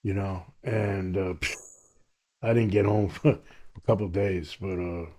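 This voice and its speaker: With a low-pitched voice and a slightly slow pace, a New York man on a podcast relates the story of his life. He brings it alive by performing what other people told him.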